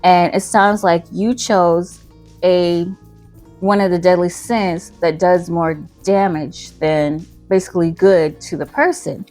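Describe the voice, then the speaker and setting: A woman's voice: on the low side, fairly even intonation, takes it slowly, darkish tone, soft background music. A woman voicing an apologetic female friend in a spoken storytime, sympathetic and explaining. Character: apologetic girlfriend on the phone.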